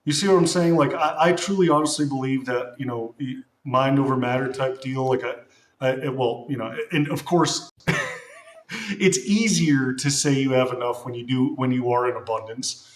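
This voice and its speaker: A man hosting a live stream, talking casually and reflectively in a loose, rambling way. His voice sits at a middle pitch. The room around him echoes. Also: moderate pace. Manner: rambling, self-reflective, many restarts. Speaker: streamer and bodybuilder.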